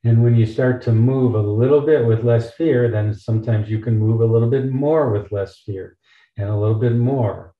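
Physician explaining in an echoey room. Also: male voice, mid-range voice, normal speed, narrow, tinny audio. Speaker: physician explaining pain therapy. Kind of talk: online panel talk.

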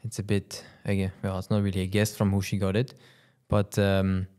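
A man's voice: low-pitched, monotone, moderate pace, a little mellow, clean tone. A racing driver chatting casually on a podcast, often stumbling over his words and laughing. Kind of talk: casual chat.

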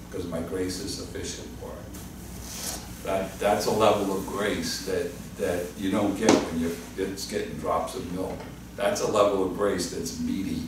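A male pastor leading a Bible study, his mid-range voice earnest and full of restarts. He drops low and soft whenever he quotes God. He is picked up from a distance in a very echoey church hall, with faint hiss underneath. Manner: earnest, repeats and restarts phrases, drops lower and softer when quoting God. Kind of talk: Bible study teaching and closing prayer.

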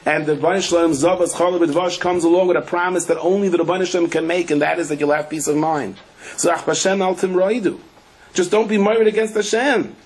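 A rabbi delivers a Torah class in a husky, slightly breathy voice, his pitch sitting in an ordinary middle range. He tells it like a story, throws rhetorical questions at his listeners and slips in dry humorous asides. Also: a little mellow, poor audio. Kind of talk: Torah lecture to a live audience.

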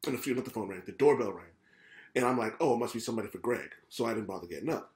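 A man hosting a casual podcast, telling stories in an animated way, swearing and acting out what people said. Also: lowish voice, rapid-fire, reverberant. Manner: animated, swearing, retells scenes in quoted voices. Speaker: podcast host. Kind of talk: casual storytelling chat.

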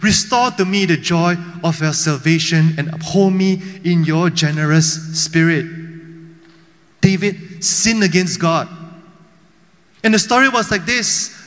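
Man preaching, high ringing voice, storyteller style, rhetorical questions, church hall reverb. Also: a little slow, a bit bright. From Malaysia. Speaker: pastor. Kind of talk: sermon.

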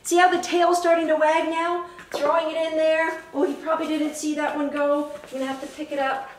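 A woman's voice: high-pitched, little pitch movement, a little fast. A woman dog trainer giving a chatty live demonstration, explaining as she goes and breaking into bursts of cheery praise for a puppy. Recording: echoey room with faint noise.

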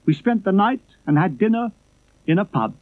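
A man's voice: high-pitched, big pitch swings, moderate pace, phone-quality sound. A man in his sixties giving a wry, understated scripted documentary voice-over. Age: 60s. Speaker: documentary narrator. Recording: music under narration.

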